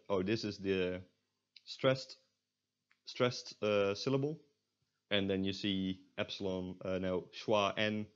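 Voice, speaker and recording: A man with as his teaching a beginner's language lesson, explaining step by step with frequent filler pauses. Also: on the low side, dull audio. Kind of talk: recorded online language lesson.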